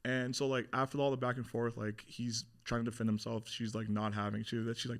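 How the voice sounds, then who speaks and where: A man's voice: mid-range voice, fairly quick, few pauses. A young man, a guest on an interview podcast, candidly telling a personal story, animatedly acting out what others said, with plenty of swearing and fillers. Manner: animated retelling, acting out quoted voices, frequent swearing and fillers.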